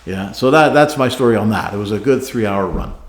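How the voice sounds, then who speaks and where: A man co-hosting a podcast, telling a racing story in a casual, animated way, acting out radio calls and laughing often. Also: on the low side, brisk. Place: garage studio. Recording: roomy echo.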